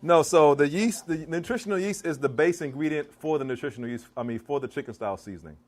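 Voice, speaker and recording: High-voiced preacherly vegan chef. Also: male voice, fast. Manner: preacherly, calls out to the crowd. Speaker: vegan chef giving a cooking demo. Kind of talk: lively cooking demonstration to a live audience. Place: church hall kitchen.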